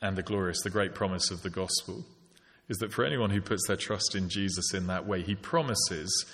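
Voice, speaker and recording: Male preacher, low-pitched, sermon in a reverberant church hall. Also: moderate pace, a bit bright. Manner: reflective, asks rhetorical questions.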